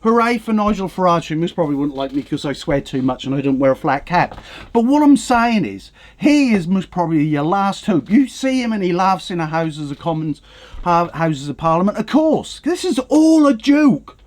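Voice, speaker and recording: A middle-aged man rants, swearing often and sounding exasperated. His pitch swings widely as he talks, rising and falling all the time. This is a casual, heated commentary monologue. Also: big pitch swings, moderate pace. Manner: angry, profane, exasperated. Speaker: online commentator. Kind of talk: ranting political commentary.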